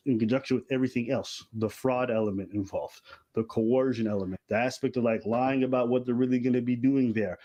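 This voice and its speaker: A man's voice: medium pitch, darkish tone. Explaining man reading out messages. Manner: explanatory, reads quotes aloud. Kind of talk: casual chat, reading out messages.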